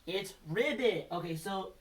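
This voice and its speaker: In a recorded lesson, a man teaches children with patience and encouragement, giving letter clues as he quizzes them. He speaks a little slowly in a high-pitched, animated voice that seems somewhat far from the mic.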